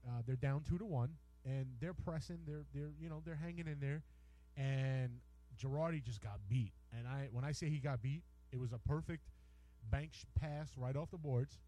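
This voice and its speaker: Man, from the US, sports talk co-host, hesitant, repeats himself, teasing, relaxed dark voice. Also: mid-range voice, normal speed, low-quality recording. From United States. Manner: hesitant, repeats words, ribs his partner. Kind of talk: casual bantering sports talk. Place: radio studio.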